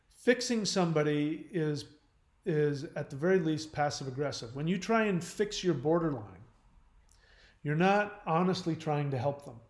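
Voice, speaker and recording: A man's voice: a little high, darkish tone. Blunt man talking in an echoey room. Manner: blunt, frank and direct; loose, rambling delivery with many fillers and restarts. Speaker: channel host on relationships and codependency. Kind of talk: live-stream advice talk answering chat questions. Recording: roomy echo.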